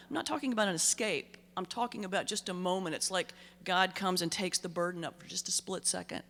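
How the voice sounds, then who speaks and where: A woman's voice: fairly low pitch, a bit bright, a little hiss or hum. A middle-aged woman minister giving a keynote speech, telling stories conversationally with comic timing. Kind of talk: humorous keynote storytelling. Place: large banquet hall. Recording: reverberant hall sound.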